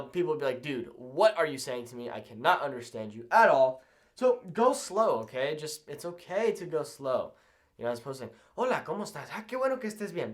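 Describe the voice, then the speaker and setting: An upbeat young man teaching to camera, his voice swinging widely in pitch and sitting a little high. He keeps a casual, encouraging tone and ends point after point with "okay?". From Southern California. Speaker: language learning YouTuber.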